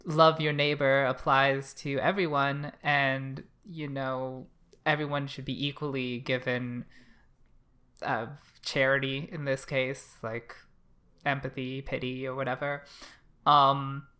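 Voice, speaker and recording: A podcast co-host talking about an anime episode in a casual, animated way, full of fillers and swearing. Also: medium pitch, slow. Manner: chatty, animated, many fillers and acted asides. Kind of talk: casual anime review chat.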